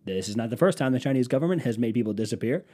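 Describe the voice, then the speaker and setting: A man putting on a slow, overly formal TV newscaster voice for a parody news segment. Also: medium pitch, lively intonation, dark tone, close to an everyday voice. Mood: mock-serious. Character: mock male TV newscaster, self-important.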